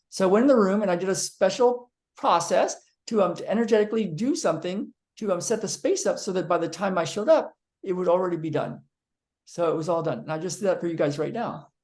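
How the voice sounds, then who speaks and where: A high-pitched male physical therapist delivers an animated storytelling monologue to viewers. He acts out quotes, with frequent ums and restarts.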